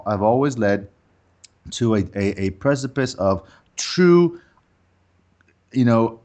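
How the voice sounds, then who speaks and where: A man, a guest entrepreneur, telling personal stories in a lively, conversational way with many restarts. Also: mid-range voice, takes it slowly. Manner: animated storyteller with frequent restarts. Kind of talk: conversational storytelling.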